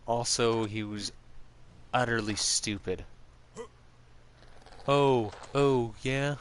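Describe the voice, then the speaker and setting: A man's voice: mid-range voice, extremely slow, a little hiss or hum. A man streaming, rambling casually and with strong opinions as he answers viewers' chat. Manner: rambling, opinionated, full of fillers.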